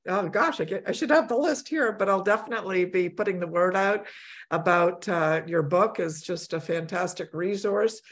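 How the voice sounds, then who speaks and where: A woman hosting a faith podcast interview, speaking in a quick, gushing way with frequent restarts. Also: lowish voice. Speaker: podcast host. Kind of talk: conversational interview.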